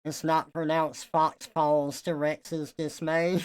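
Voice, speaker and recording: A woman with a Southern US accent chats casually with her stream audience, taking her time over each thought. Her words come out a little mumbled and soft. Her voice sits on the low side and has a smooth, clean tone. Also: fairly even intonation, extremely slow. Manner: slightly mumbled, soft pronunciation. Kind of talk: casual live-stream chat.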